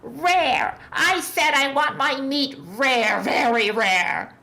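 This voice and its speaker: A woman's voice: mid-range voice, expressive, measured pace, a bit bright. A woman voicing a hot-tempered male fire djinn who growls out his demands. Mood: angry.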